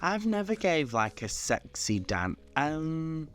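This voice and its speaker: A man's voice: on the high side, very animated, takes it slowly, a bit bright. A man co-hosting a comedy podcast, chatting casually in a frank, blunt way. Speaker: podcast co-host.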